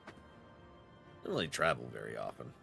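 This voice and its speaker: A man's voice: fairly quick, creaky, faint music behind. A man streaming a game, chatting casually with his viewers and reading their messages aloud, laughing often. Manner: chatty, reads chat aloud, laughs often, lively swings in pitch.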